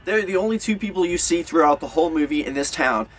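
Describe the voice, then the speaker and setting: A man's voice: fairly high pitch, animated, quick pace. A young man giving a casual, rambling movie review, full of fillers and restarts.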